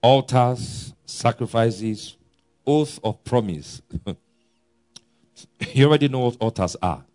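A man preaching a sermon, emphatic, swinging between loud bursts and hushed asides, with frequent chuckles. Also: mid-range voice, expressive, takes it slowly, long pauses, soft background music. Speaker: pastor.

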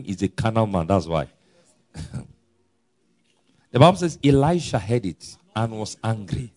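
A male preacher delivering an emphatic sermon. His pitch leaps and drops in lively swings, from ringing loud declarations down to hushed, low asides. He chuckles often between points. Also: measured pace, pauses often. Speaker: pastor.

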